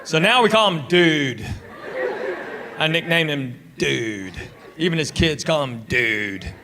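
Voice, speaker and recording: A male stand-up comedian telling stories in a deadpan way, acting out both sides of the back-and-forth dialogues. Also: fairly high pitch, slow pace, a crowd in the background, noisy background. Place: comedy club stage. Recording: loud audience laughter.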